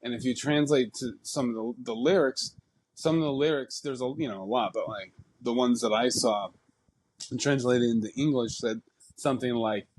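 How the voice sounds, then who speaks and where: A man's voice: mid-range voice, moderate pace, darkish tone, slight background noise. A man co-hosting a podcast, rambling through a story with lots of "um" and "like". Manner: rambling, many fillers, laughs often. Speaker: podcast co-host. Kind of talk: casual chat.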